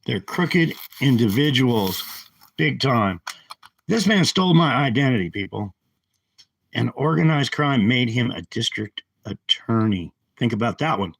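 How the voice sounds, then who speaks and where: Gripping a handheld phone, a man on a livestream rants in anger, agitated and repetitive, at a measured pace. His medium-pitched voice is animated, gravelly, husky, and fairly bright, captured in a dry, low-quality recording.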